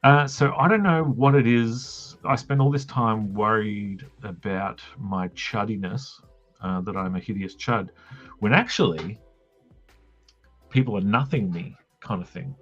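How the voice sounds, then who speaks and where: Male streamer, lowish voice, dull lo-fi sound with faint music, casual self-deprecating storyteller. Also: a bit bright. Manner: self-mocking, jokey anecdotes with quick voiced quotes. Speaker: host of a drawing live stream.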